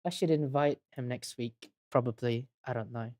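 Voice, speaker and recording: A woman's voice: rumbling low, moderate pace, dark tone. A woman streamer chatting casually while playing a game, giggly and self-mocking. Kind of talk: casual gameplay chat.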